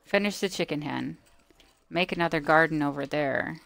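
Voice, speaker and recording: A woman's voice: deep voice, moderate pace, gravelly, fairly bright tone, dry recording. A woman giving casual gameplay commentary, chatting to the game's creatures and scolding them playfully. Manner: chatty, talks to the game creatures, mock-scolding, drops to murmurs. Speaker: gameplay video maker.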